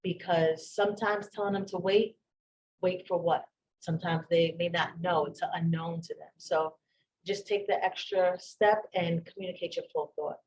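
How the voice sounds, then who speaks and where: A woman's voice: fairly low pitch, steady tone, normal speed, darkish tone, rough recording. A woman giving a plain, instructive workplace training talk that repeats its key points. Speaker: staff trainer.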